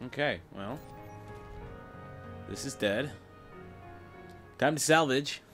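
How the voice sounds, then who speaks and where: A man's voice: medium pitch, takes it slowly, a bit bright, soft background music. A young man casually commenting on his gameplay, muttering, swearing in frustration, his voice cracking. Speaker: gameplay streamer.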